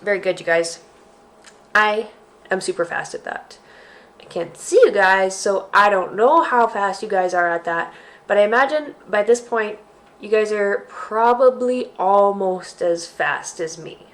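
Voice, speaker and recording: A woman hosting a library storytime for children, reading a picture book aloud in an expressive, sing-song way. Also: mid-range voice, a little slow.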